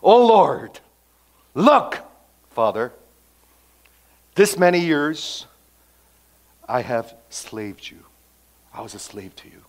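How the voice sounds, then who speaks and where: A man voicing a resentful older brother complaining loudly to his father in a sermon retelling. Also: fairly low pitch, little pitch movement, a little slow, hardly any pauses, pitched below the performer's own voice. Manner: loud, complaining, emphatic.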